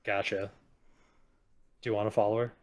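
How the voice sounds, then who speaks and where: A man's voice: lowish voice, little pitch movement, moderate pace. A man running a tabletop game as game master, easygoing and hesitant with lots of filler sounds.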